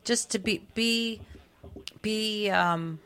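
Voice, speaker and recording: A woman's voice: mid-range voice, drawn-out words, a bit bright, smooth. A woman speaking as a talk show guest, candid and earnest. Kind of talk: radio interview.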